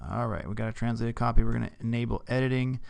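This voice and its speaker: Guy doing a laid back computer tutorial, gravelly low voice, dry close mic, keeps saying okay. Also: steady tone, fast talker, a little mellow, dry recording. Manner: casual, talks through each click with frequent "okay?". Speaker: teacher. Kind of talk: screen-recorded software tutorial.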